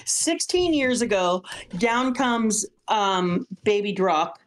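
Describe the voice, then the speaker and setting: A middle-aged woman casually chatting, telling a story with lively acted-out quotes. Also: medium pitch, slow pace. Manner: animated storytelling, acts out quotes. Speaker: guest reader, mother. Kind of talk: casual chat.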